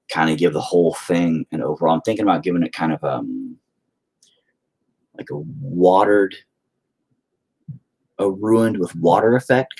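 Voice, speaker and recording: A man with a low, somewhat mellow voice paints as he talks with viewers in a casual way. His chat is profane and rambling, and he is quick to make fun of himself.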